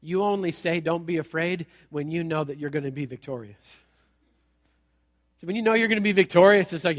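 A man's voice: a little high, brisk. A man preaching a sermon in a church hall, telling a story with humor and acting out the characters. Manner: animated storytelling, acts out characters, jokey. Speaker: pastor.

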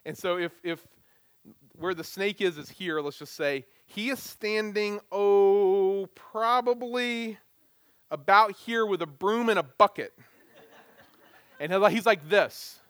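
A middle-aged man preaching as a pastor, moving from prayer into an animated, self-deprecating personal story. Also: sits high, a little slow, dry recording.

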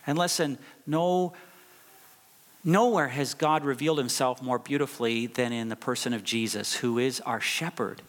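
Male pastor, middle-aged, emphatic sermon delivery, fairly high voice, long echo of a big church hall. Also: fairly bright tone. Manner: emphatic, repeats key phrases for effect. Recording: long reverb of a large hall.

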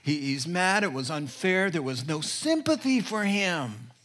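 A man's voice: a little high, very animated, measured pace, a bit bright. A middle-aged man preaching a sermon as pastor, telling stories playfully and laughing at his own jokes.

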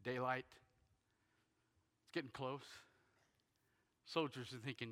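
A man preaching a sermon, retelling a story dramatically and swinging from loud bursts to hushed near-whispers. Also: medium pitch, fairly even intonation, unhurried. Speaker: pastor. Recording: long hall reverb in a big sanctuary.

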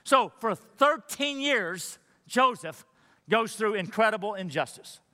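A male pastor preaches in a church sanctuary, his bright, forceful voice ringing out with a long echo from the large hall. He talks in an emphatic preaching manner. He swings from loud exhortation to near-whispered prayer. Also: sits high, expressive, slow. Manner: emphatic preaching, rising loud then dropping to a hushed prayer. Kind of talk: sermon.

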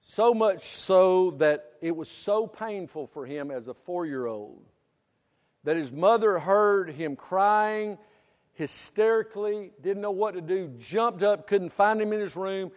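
A middle-aged man preaching a sermon, swinging from loud preaching to quiet storytelling. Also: high voice, slow. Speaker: pastor. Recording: church hall reverb.

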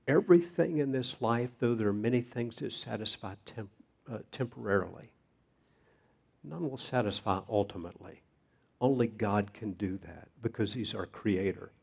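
A man preaching a sermon, reading scripture in a measured way. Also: lowish voice, creaky, darkish tone, slightly rough. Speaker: pastor.

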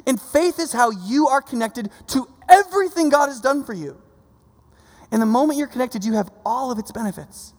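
A man preaching a sermon in a conversational, animated way, often checking in with the audience with "right?" and acting out quoted voices. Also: extremely high pitch, moderate pace. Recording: long reverb.

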